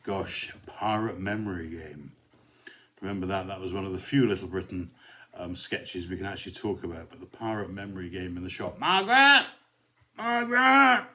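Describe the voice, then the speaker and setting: Rambling rector chatting alone to listeners. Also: male voice, low-pitched, fairly even intonation, brisk. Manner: rambling, chatty, many "uh" and "anyhow" asides. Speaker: rector hosting his own podcast. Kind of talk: casual solo chat and poem recitation.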